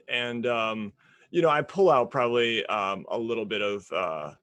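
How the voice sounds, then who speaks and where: A man's voice: medium pitch, moderate pace, fairly bright tone, no room sound. A man playing a character in a tabletop game, rambling with many hesitant fillers. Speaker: player.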